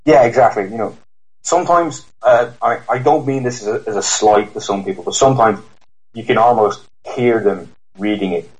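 A man's voice: fairly low pitch, moderate pace, low-quality recording. A man with an Irish accent, a guest voice performer, chatting casually and hesitantly with many restarts and fillers. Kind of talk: casual interview chat.

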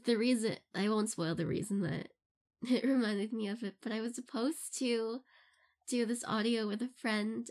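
This young adult woman, an audio content creator, speaks on the high side at a normal speed with a slightly mellow tone. She answers listener questions in a casual, rambling Q&A chat, laughing often between phrases.

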